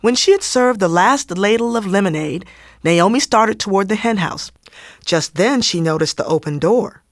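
A woman reading a children's story aloud in an expressive, animated way. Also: mid-range voice, moderate pace, no echo, clean studio sound.

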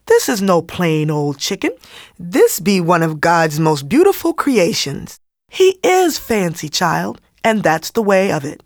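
A woman's voice: on the low side, sing-song, a little slow, no room sound, clean studio sound. Woman doing kindly old Amish woman. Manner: gentle, old-fashioned speech. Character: Martha, oldest Amish woman, kindly and authoritative.

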